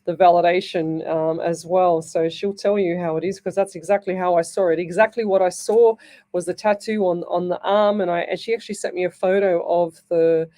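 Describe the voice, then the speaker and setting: A woman's voice: on the low side, fairly even intonation, brisk, dark tone. An Australian woman hosting live radio as a psychic medium, chatting and rambling through stories with lots of fillers, from a radio studio.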